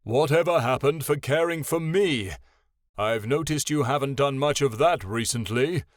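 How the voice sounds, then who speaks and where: A man voicing a proud, wounded male dragon who shouts in booming fury. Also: normal speed, no room sound, clean studio sound, lightly acted. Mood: furious.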